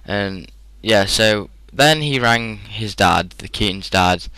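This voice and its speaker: Chatting casually as a gaming commentator, a British teenage boy rambles through stories over gameplay, full of fillers. His fairly low voice is slow, smooth and sharp in tone. The audio is dry but rough.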